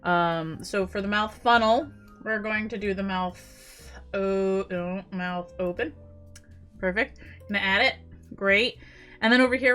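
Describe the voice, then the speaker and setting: A woman's voice: mid-range voice, sharp tone. A woman giving a casual screen-recorded tutorial, chatty and self-deprecating, with many fillers and little mouth-sound effects, speaking at a desk mic. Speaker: tutorial creator.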